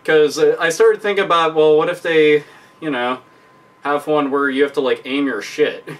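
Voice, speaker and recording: A man's voice: on the high side, fairly even intonation, normal speed, recorded from a distance. A man ranting in a profane, rambling comedic commentary, laughing often. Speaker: vlogger.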